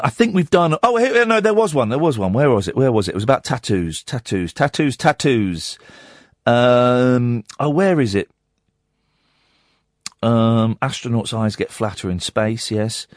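Late-night radio host, male, rambling and excitable, very animated pitch, dry close studio mic. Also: slow pace, pauses often, dry recording. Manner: rambling, excitable, self-mocking. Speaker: radio presenter. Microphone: studio microphone.

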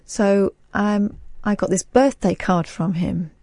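A woman's voice: mid-range voice, takes it slowly, darkish tone, no echo, clean studio sound. A young woman from Britain co-hosting a late-night radio talk show, telling stories and teasing. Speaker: radio co-host.

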